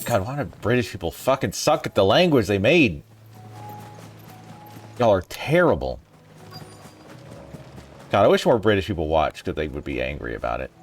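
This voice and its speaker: A man streaming himself playing a video game. He talks in a crude, profane, ranting way, his pitch swinging widely. Faint music plays behind him. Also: sing-song, normal speed, long pauses. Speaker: gaming streamer. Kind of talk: let's play commentary.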